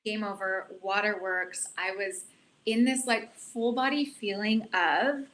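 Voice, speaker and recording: Bright-voiced woman telling her story. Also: mid-range voice, takes it slowly, a little hiss or hum, rough recording. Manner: earnest, animated, self-reflective. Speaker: guest. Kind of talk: casual storytelling.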